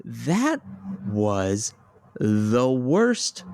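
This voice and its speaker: A man co-hosting a podcast, giving slow, deliberate commentary in casual chat. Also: medium pitch, wildly swooping pitch, darkish tone, no room sound. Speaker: podcast co-host.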